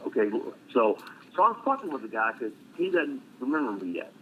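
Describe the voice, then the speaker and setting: A middle-aged man swaps war stories in a blunt, profane way with dark humor. His voice sits in an ordinary middle register. It comes through a thin, phone-like line with a faint hiss behind it. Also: mid-range voice, very animated, brisk. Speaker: military veteran guest. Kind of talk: casual storytelling on a live stream.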